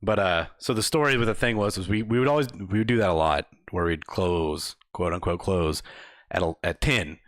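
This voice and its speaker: A young man co-hosting a podcast, telling a work story in casual, profane chat, laughing often and acting out quotes in a higher voice. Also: normal speed, a bit bright, no room sound, clean studio sound. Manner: laid-back, swears a lot, laughs often, acts out quotes in higher voices. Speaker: podcast co-host.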